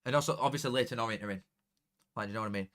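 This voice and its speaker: A young man chatting through a live football watchalong. He rambles casually, mutters low one moment and bursts out loudly the next. His voice sits at an ordinary middle pitch for a man. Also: rapid-fire. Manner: excitable, chatty, swings from flat mutter to loud outbursts. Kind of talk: casual live commentary to viewers.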